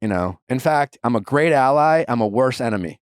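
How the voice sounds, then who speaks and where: A blunt man in his thirties gives advice on a podcast, emphatic and unfiltered, with a middle-pitched voice. He is recorded close and dry, with no room sound. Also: expressive, a little fast, no room sound. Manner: blunt, emphatic, swears freely. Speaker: podcast host giving advice. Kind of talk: casual advice chat.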